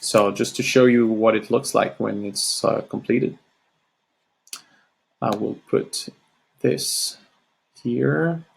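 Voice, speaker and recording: A man with a French Canadian accent, a native French speaker, walking through a software tutorial in a halting, apologetic way with many fillers. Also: lowish voice, gravelly, slight background noise. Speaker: tutorial host. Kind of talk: screen-recorded software tutorial.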